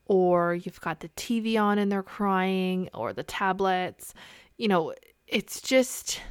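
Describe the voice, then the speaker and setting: A woman's voice: fairly low pitch, no echo, studio quality. A woman in her thirties hosting a solo podcast, talking candidly and with exasperation and swearing casually. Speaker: podcast host.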